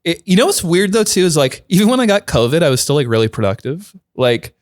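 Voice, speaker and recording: A man's voice: fairly high pitch, big pitch swings, fast. Young man telling rambling stories. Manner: rambling storytelling, heavy with "like". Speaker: comedy podcast host. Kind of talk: casual chat.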